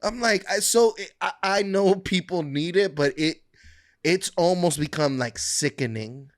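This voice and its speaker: Speaking a little slowly in a high-pitched voice, a man co-hosts a podcast. He trades stories casually, laughs a lot, and swears freely. The recording is dry and studio quality.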